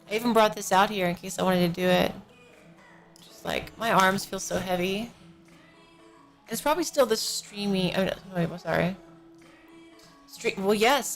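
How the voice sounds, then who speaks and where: A drowsy woman streams from her home desk and rambles through casual chat, yawning and a little out of it. She talks into a good desk microphone, with faint music drifting in from somewhere nearby. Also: mid-range voice. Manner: rambling, slightly out of it. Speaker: live streamer. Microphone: professional-grade desk microphone. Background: faint music from a neighbor.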